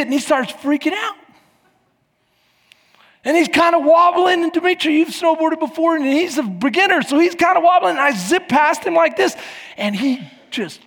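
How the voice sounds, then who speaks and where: In a long, reverberant hall, a middle-aged pastor preaches, acting out the voices of people in his animated stories. He speaks at a normal speed in an extremely high, creaky voice.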